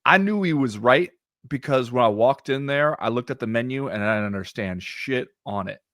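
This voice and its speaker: An American man co-hosting a podcast, telling stories in an animated, casual way with some swearing. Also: mid-range voice, moderate pace, no room sound, clean studio sound. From United States. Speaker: podcast co-host. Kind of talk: casual chat.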